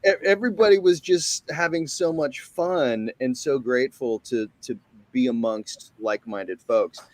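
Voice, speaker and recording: A man's voice: medium pitch, unhurried, no echo. A man telling a rambling, profane story as a guest on a panel chat. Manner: rambling, profane, animated retelling.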